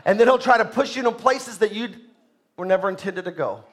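A man preaching a sermon as pastor, emphatic, swinging between loud bursts and soft asides, asking the congregation questions. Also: high voice, quick pace.

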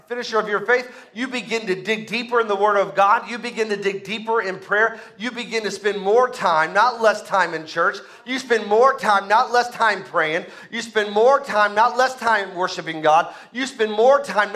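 A man's voice: sits high, pushed and bright. A male pastor preaching a sermon, with emphatic repetition and call-and-response to the congregation.

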